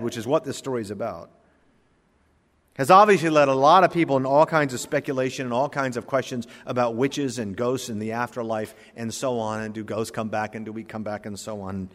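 Male preacher, mid-pitched, dramatic loud-and-soft sermon delivery, long hall reverb. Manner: dramatic preaching, swinging between loud emphasis and quiet asides; reads scripture in King James wording. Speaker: pastor.

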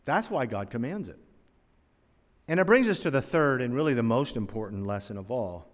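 A man in his sixties preaching a storytelling sermon, his mid-pitched voice ringing with a long reverb through a large hall. He swings between emphatic, louder lines and hushed drops. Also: lively intonation, normal speed. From North Carolina, USA. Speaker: pastor.

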